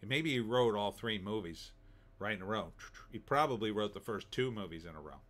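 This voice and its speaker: A man's voice: fairly low pitch, lively intonation, brisk, a bit bright. A middle-aged man giving a casual, rambling spoken movie review, full of fillers and restarts. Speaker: film reviewer.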